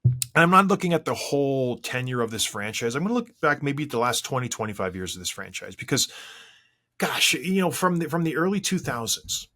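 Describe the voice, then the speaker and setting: A man's voice: sing-song, fairly quick, pushed and bright. Forty-something guy doing a solo podcast, medium voice, loose rambly chatter, lots of restarts. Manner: rambling and conversational, with frequent restarts and swings of pitch. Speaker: podcast host. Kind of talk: casual solo podcast chat.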